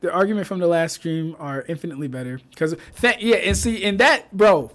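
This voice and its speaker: High-voiced man mocking on a stream. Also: expressive, fairly quick, a bit bright. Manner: mocking, exasperated, profane, repeats phrases, laughs often. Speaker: streamer reviewing fan debates. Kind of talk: casual livestream commentary.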